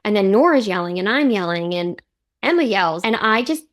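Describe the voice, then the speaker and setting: A woman's voice: mid-range voice, animated, moderate pace. Heartfelt woman podcast host. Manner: heartfelt, reflective storytelling. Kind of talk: casual podcast conversation.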